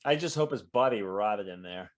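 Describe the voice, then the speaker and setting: Lively storyteller guest, male, animated and expressive delivery. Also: fairly low pitch, normal speed. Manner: lively storyteller, acts out quoted voices, trails off mid-sentence. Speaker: guest author in audience Q&A. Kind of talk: animated storytelling in casual chat.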